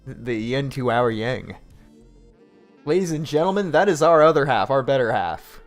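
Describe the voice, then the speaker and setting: A man's voice: mid-range voice, expressive, normal speed, soft background music. A man hosting a late-night livestream, commenting on clips with sarcastic, profane mockery. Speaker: stream host.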